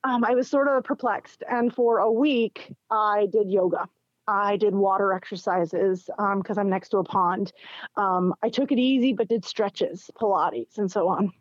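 Animated woman telling her own story. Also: mid-range voice, a little slow, no echo. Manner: animated, acts out quoted dialogue with laughs. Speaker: interview guest. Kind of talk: casual personal storytelling. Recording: dull, dry lo-fi recording.

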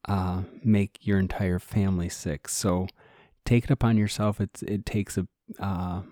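A man co-hosts a casual podcast, chatty and earnest as he talks straight to his listeners. His voice is very deep, dark and gravelly. It is recorded dry and close. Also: no room sound. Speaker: podcast co-host.

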